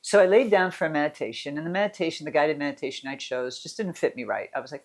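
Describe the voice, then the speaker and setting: A middle-aged woman, a mental fitness coach, talking candidly and casually about her feelings, rambling with restarts and soft laughs. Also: low voice, fast. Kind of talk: casual personal talk.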